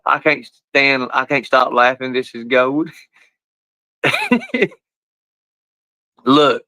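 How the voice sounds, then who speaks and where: A man talks loosely to his pets and viewers, with a bright, forceful tone. His speech is rough and colloquial, full of casual swearing. The sound is close and dry. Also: medium pitch, level tone, very slow, no echo, rough recording. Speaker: live streamer. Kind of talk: casual live-stream chat.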